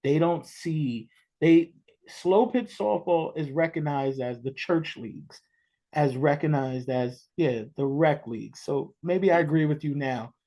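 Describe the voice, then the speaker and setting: A man from New York hosting a podcast, chatting casually and telling stories in an animated, excitable way. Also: on the high side, a little slow. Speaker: podcast host. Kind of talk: casual interview chat.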